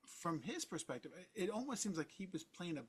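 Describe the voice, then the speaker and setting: Brief Man co-host, higher, slightly husky voice, emphatic and deliberate. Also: sing-song. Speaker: podcast co-host. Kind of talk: casual chat.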